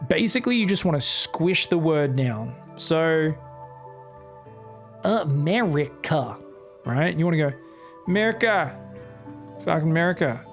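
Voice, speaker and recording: Australian man, esports caster, excitable, sweary, faint music behind. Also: on the high side. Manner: excitable, swears freely, joking asides. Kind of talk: solo game commentary.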